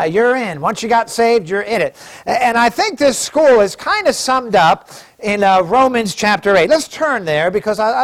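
A man preaching a sermon as pastor, reading scripture aloud slowly and with emphasis. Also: high-pitched.

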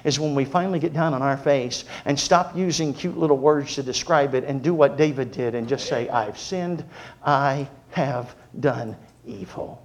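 A man preaching a sermon, moving from humorous storytelling to earnest, quieter exhortation. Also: a little high, fairly even intonation, brisk, hardly any pauses, a little hiss or hum.

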